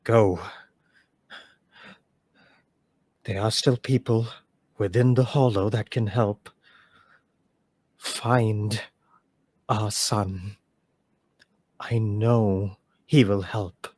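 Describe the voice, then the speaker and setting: A man voicing a calm, maternal elf woman who gives measured commands. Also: on the low side, dry recording.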